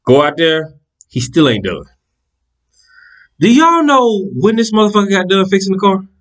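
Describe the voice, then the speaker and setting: A man casually telling a personal story in an animated, profane, exasperated way. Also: high-pitched, normal speed.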